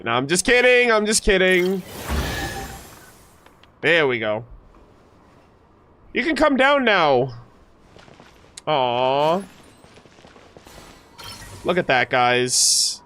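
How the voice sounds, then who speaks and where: A man streaming a game, reacting and joking excitedly with his chat as he plays. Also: a little high, takes it slowly, pauses often, a little hiss or hum. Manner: excitable, jokey, talks to chat. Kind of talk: casual gameplay reaction commentary. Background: faint game music.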